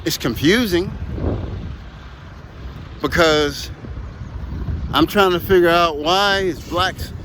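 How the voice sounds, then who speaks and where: A man's voice: sits high, slow pace, pauses often, noisy background. A man chatting casually outdoors while out on a walk, rambling and emphatic and often repeating himself. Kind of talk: casual chat while walking.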